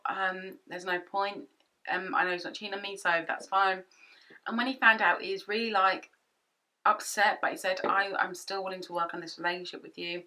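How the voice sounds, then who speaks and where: Bright young woman telling a storytime. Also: medium pitch. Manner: chatty, animated retelling with quoted asides. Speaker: vlogger. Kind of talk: storytime vlog. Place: home office. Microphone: camera-mounted shotgun mic.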